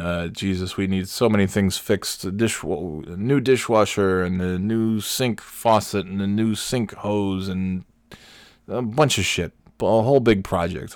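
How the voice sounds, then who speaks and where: A man's voice: smooth, no echo, clean studio sound. Rambling exasperated man telling a story. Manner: rambling, exasperated, voice jumps high when ranting. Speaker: podcast host. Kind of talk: casual storytelling monologue.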